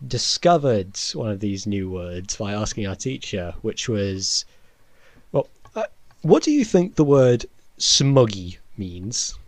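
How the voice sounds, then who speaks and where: A man's voice: medium pitch, no echo. A young man, co-hosting a podcast and telling a school story in casual chat, often laughing and correcting himself mid-sentence. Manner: rambling, laughing, self-correcting. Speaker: podcast co-host.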